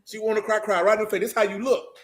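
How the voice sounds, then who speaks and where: Man, middle-aged, high-pitched, animated preaching, joking and mocking. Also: fast talker. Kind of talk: loose preaching talk. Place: church meeting room.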